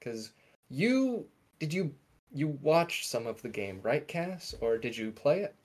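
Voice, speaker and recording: A man's voice: fairly high pitch, big pitch swings, slow pace, a little mellow. A young man co-hosting a podcast in casual chat, enthusiastic and often correcting himself mid-sentence. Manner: rambling, self-correcting, enthusiastic. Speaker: podcast co-host.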